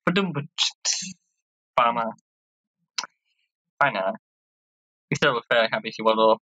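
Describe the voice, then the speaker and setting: Bright-voiced giggly woman playing a game. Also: very deep voice, fairly quick, dry recording. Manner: chatty, giggly, tries playful voices for characters. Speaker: let's-play host. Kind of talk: casual gameplay commentary, reading dialogue aloud. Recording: slightly dull lo-fi sound.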